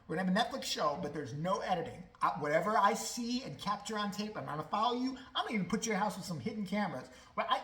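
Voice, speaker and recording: A woman's voice: medium pitch, a bit bright, roomy sound, poor audio. Profane, mocking woman ranting. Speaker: vlogger. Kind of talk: ranting commentary.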